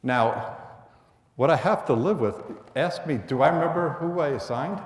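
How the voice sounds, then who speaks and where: A man's voice: mid-range voice, unhurried, long pauses. A middle-aged man from the Bronx with a New York accent, telling a blunt, conversational story to students as a police lieutenant and acting out the orders he gave. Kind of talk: storytelling talk to an audience. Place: school hall. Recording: echoey hall, from a distance.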